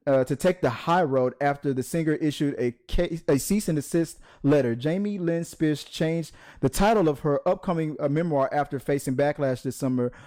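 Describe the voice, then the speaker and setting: A man hosting a casual news panel, talking in halting bursts full of restarts, with dry sarcastic asides. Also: a little high, warm tone. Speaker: podcast host.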